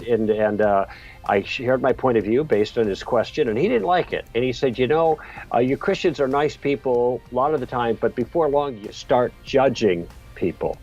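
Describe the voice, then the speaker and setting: Middle-aged male podcast guest, husky, telling an anecdote in a friendly way, lo-fi sound with faint music under it. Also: medium pitch, a little mellow. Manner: friendly, chuckles while telling the story. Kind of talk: storytelling in an interview.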